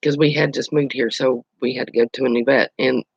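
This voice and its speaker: A man's voice: medium pitch, steady tone, brisk, gravelly, breathy edge, dry recording, dull audio. A man hosting his own channel, chatting casually on a live stream, telling stories and answering viewer comments. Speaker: channel host.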